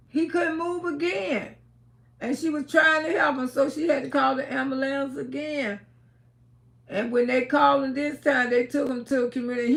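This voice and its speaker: Livestream host, woman, high and gravelly, emphatic storyteller. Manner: emphatic, swings between hushed and shouting.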